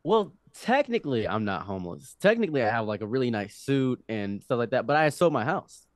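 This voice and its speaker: A young man in his twenties, a podcast guest telling a story in casual conversation, animated and often restarting his sentences. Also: mid-range voice, fairly quick, dry recording, clean studio sound. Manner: animated, with frequent restarts and acted-out quotes.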